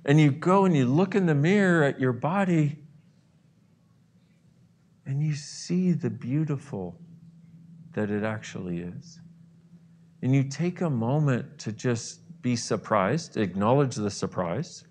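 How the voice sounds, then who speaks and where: A man leading a guided visualization, acting out loud gasps and exclamations between softer stretches. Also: medium pitch, measured pace, slight background noise. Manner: animated, acts out exclamations and gasps, swings from soft to loud.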